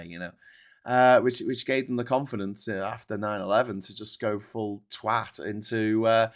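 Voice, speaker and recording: A British man hosts a live show and reads out viewer comments between rants. He swears freely, talks in an animated way and keeps tripping over his words and restarting sentences. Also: lowish voice, normal speed. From Britain. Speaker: host reading viewer comments.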